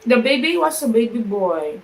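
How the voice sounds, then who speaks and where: A woman with a Filipino accent chatting on a livestream, halting and repeating herself as she greets viewers mid-story. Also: on the high side, big pitch swings, a little hiss or hum, low-quality recording. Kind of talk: casual livestream chat.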